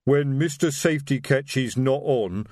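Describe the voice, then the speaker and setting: A man voicing a huge, slow-witted male troll sergeant who rumbles his words. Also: darkish tone, dry recording, clean studio sound, lightly acted. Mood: sheepish.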